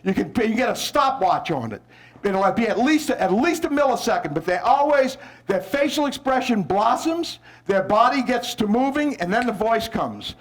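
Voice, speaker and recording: A man from New Orleans, a visiting poet, coaching children and parents to recite with expression, coaxing them along and breaking into shouted lines. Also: high-pitched. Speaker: visiting poet leading a school workshop. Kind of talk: lively workshop with children and parents.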